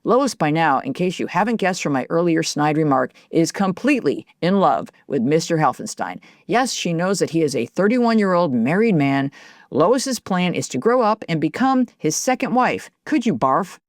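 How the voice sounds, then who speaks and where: A woman narrating an audiobook in the first person, telling the story in a lively, confiding way as a young girl. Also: low voice, moderate pace, no room sound, clean studio sound.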